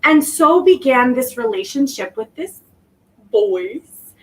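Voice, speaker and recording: High-voiced woman, reflective and halting. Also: animated, fairly bright tone. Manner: reflective, halting, restarts often. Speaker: guest. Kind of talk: personal story in an interview. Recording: voice distant from the mic.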